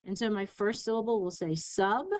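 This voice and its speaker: A woman teacher giving a recorded spelling lesson, sounding out syllables slowly and carefully. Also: mid-range voice, a little mellow, no echo, low-quality recording. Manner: slow, careful enunciation of syllables.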